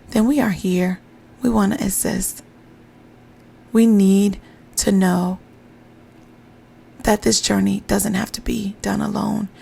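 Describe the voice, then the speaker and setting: Gravelly-voiced woman giving encouraging affirmations. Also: mid-range voice, a little mellow. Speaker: podcast host and pumping coach. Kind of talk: motivational affirmations podcast. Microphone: podcast microphone.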